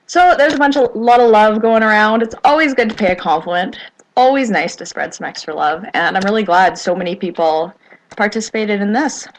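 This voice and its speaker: A woman's voice: medium pitch, brisk, slight background noise, rough recording. A woman hosting a podcast, upbeat as she reads out listener notes. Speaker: podcast host. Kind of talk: casual chat.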